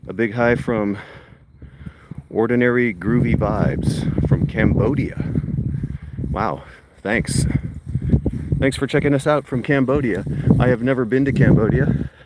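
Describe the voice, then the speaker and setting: A man's voice: medium pitch, a little slow, pauses often, heavy background noise. An older man from Ohio, chatting breathlessly on a walking livestream while coaxing his dog along. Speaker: livestream host. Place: outdoors by a rural reservoir.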